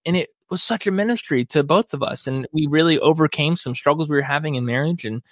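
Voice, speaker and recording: A man's voice: a little high, quick pace, fairly bright tone, no echo, studio quality. A man being interviewed as a biblical counselor, speaking earnestly and reflectively in a conversational way. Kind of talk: podcast interview.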